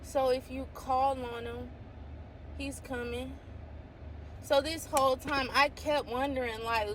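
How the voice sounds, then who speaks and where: Excited woman giving a faith testimony, kinda high voice, keeps going "what?", faint car hum behind. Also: measured pace, long pauses. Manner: excitable, exclaims "What?" often, reads scripture aloud. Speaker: faith vlogger. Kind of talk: casual testimony to camera.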